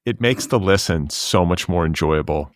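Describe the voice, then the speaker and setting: A man hosting a pop culture podcast, chatting casually and reading ads in a dry, deadpan way. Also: low voice, moderate pace, no room sound. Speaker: podcast host.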